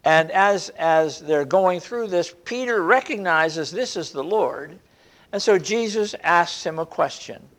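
A man delivers an expository sermon in an animated way, his pitch rising and falling widely as he talks. He slows down and leans hard on the scripture quotes, and he often restarts his sentences as he goes. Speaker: preacher.

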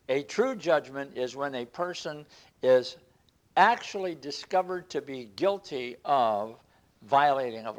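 A man preaching a conversational sermon, teaching from scripture and quoting it aloud, with frequent restarts. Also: mid-range voice.

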